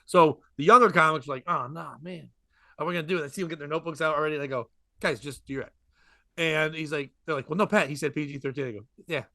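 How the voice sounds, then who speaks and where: Bright-voiced rambling comedian man. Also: on the high side, dry recording, studio quality. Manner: rambling, animated, quick asides and laughs. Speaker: podcast co-host, comedian. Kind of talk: casual chat, storytelling.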